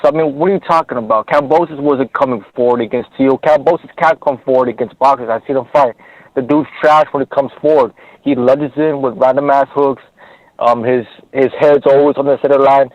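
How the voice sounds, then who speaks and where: Brief: male caller, fired up and profane, mid-pitched, muffled phone line, dry. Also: steady tone, brisk, no echo. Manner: profane, heated, forceful argument. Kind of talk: heated call-in rant.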